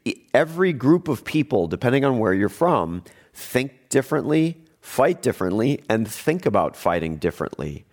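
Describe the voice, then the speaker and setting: A man's voice: mid-range voice, big pitch swings, moderate pace, few pauses. A man in a casual discussion who often restarts his sentences and then builds to emphatic points.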